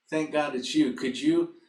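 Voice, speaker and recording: Preacher doing a desperate trapped man, high and loud, pleading, roomy echo. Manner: pleading, loud calls for help.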